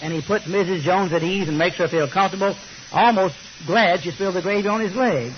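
A man's voice: high voice, a little fast. An older man preaching a sermon, telling folksy, joking stories. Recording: slightly muffled recording with faint hiss.

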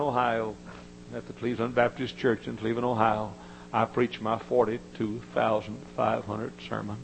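An older man preaching a sermon, telling folksy stories and climbing into high, emotional quoted voices. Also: gravelly, slight background noise, poor audio.

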